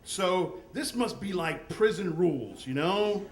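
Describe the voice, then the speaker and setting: A man from the United States telling a comic personal story on stage with a deadpan, profane delivery. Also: high voice, measured pace. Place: stage at a live storytelling event. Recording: echoey room, faint background noise.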